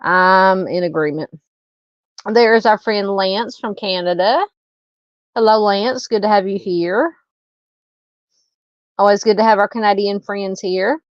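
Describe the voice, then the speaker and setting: A woman's voice: mid-range voice, a little slow, pauses often, no echo, highs cut off. A middle-aged Southern woman hosting a live true crime stream, chatting casually, greeting viewers and reading comments in a rambling way with many fillers and restarts. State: hiccups.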